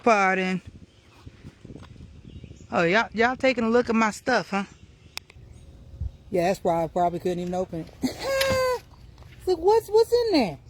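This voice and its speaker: A woman hosting a casual livestream outdoors by her car. She talks in an animated way, often laughs and chats to her viewers over a phone. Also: mid-range voice, measured pace, long pauses, a little hiss or hum. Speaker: livestream host.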